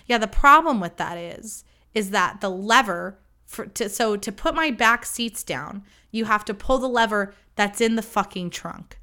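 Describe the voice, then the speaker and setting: A woman's voice: mid-range voice, normal speed, bright, forceful tone, clear, resonant tone. A woman hosting a podcast, telling a story in a rambling, profane, self-deprecating casual chat. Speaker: podcast host.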